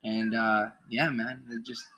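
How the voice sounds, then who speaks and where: Bright-voiced man ranting about boxing. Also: medium pitch, level tone, a little slow, slight background noise, low-quality recording. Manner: emphatic, repetitive, swears freely. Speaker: boxing commentator streamer. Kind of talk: casual profane opinion monologue.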